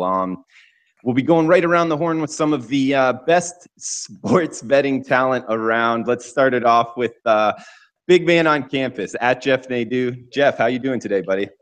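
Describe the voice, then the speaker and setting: A man hosting a sports betting roundtable, introducing guests in a relaxed way. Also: mid-range voice, a little slow. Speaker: host. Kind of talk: casual show hosting.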